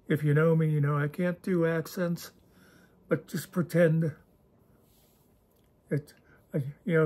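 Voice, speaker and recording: Speaking directly to camera on his own channel, a man with a high-sitting, mellow, slightly husky voice rambles casually. He's wry and self-deprecating, drifting between thoughts, frequently losing his thread and then finding it again.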